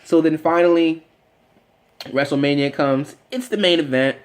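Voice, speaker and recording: Brief: excitable man vlogger, slightly high, rambling with fillers. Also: normal speed. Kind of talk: casual fan commentary.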